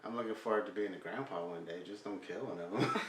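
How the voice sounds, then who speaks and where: A man in his forties co-hosting a casual podcast chat, relaxed and swearing now and then. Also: deep voice, fast, far from the mic. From California. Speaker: podcast co-host, parent. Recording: echoey room, off-mic, faint noise.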